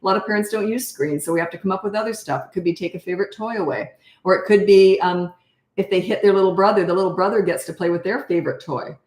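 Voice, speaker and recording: An older woman coaching parents in a blunt, animated way, answering questions and acting out how to talk. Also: fairly low pitch, fast talker, roomy sound. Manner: blunt, animated, acts out parent and child voices.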